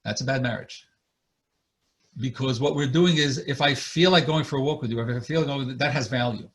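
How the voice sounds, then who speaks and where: A man's voice: mid-range voice, brisk, fairly bright tone. A man, a marriage therapist, giving an earnest online lecture over a video call and explaining his points through acted examples.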